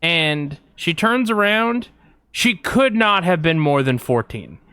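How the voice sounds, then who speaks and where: Smooth-voiced man rambling through a story. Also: on the high side, takes it slowly, no echo. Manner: rambling, animated anecdote with many fillers. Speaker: podcast co-host. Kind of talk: casual storytelling chat.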